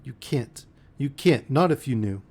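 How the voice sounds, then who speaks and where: Male reader doing a desperate young woman in love; pleading, voice breaking, pitched up. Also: animated, normal speed, a little mellow, close to an everyday voice. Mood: anguished.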